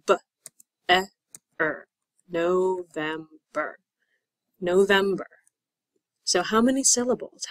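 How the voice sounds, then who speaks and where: A young woman teaching English as a second language, explaining slowly and patiently, repeating words and spelling them out. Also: lowish voice, dry recording, poor audio. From United States. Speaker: ESL teacher. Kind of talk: slow, clear classroom explanation.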